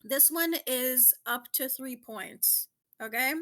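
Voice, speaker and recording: High bright excitable woman quizmaster. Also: slow. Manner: excitable, laughs often, quizmaster. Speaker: podcast host running a quiz. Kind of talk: casual podcast chat.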